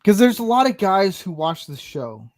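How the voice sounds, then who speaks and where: Brief: male podcast host, rambly, slightly high voice, dry sound. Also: big pitch swings, moderate pace, no echo. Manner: rambling, searches for words. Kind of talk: casual chat.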